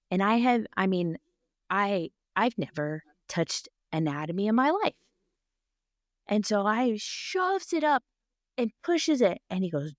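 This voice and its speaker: A woman telling a personal story with animated energy, acting out other people's voices and laughing often. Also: mid-range voice, no room sound, clean studio sound. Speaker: guest.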